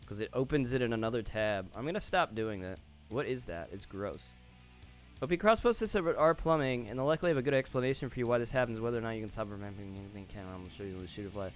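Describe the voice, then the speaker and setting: Casual male streamer reacting offhand. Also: on the low side. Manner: reactive, reads posts aloud and comments offhand. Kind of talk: casual live-stream commentary. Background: faint guitar music.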